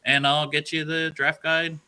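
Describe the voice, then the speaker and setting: A man's voice: on the high side, little pitch movement, a little slow, pushed and bright, clear, resonant tone. A man guesting on a casual sports podcast, talking in an easygoing, teasing way.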